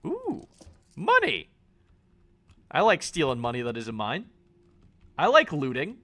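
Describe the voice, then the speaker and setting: Excitable man streaming a game. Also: a little high, slow. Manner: excitable, swears, jokes at himself. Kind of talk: casual gaming commentary, reading game text aloud.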